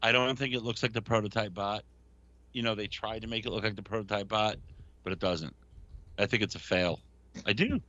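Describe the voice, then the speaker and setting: A man's voice: lowish voice, steady tone, brisk, pauses often, pushed and bright, dry recording, muffled recording. A man with a Brooklyn accent co-hosting a casual podcast chat, blunt and swearing with emphatic opinions. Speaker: podcast co-host.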